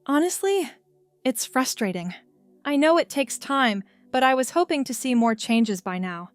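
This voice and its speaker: A woman reading a story voices an emotional, tearful young woman, a little higher and softer than her narration. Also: animated, moderate pace, dry recording. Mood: frank.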